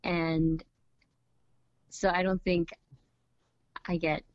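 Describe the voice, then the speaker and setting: Shy woman talking real slow, muffled call audio. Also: lowish voice, little pitch movement, no echo. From India. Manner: hesitant, thoughtful, shy. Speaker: interview guest. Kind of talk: casual interview chat. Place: calling in from home.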